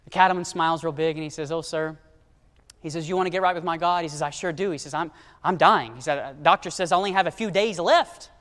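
High-voiced preacher in a reverberant hall. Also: male voice, fast. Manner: shifts to soft low tones for quoted characters, rising to loud high emphasis. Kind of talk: sermon storytelling.

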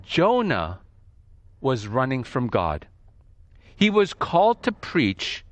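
A man's voice: mid-range voice, wildly swooping pitch, slow pace, no room sound. A man preaching a sermon, reading scripture aloud and explaining it, lifting his voice for quoted lines.

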